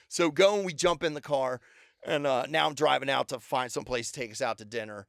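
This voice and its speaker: Dry-miked man telling lively stories. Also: medium pitch, a little fast, no echo. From Baltimore. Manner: animated storyteller acting out quotes. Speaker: podcast guest, comedian. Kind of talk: casual storytelling.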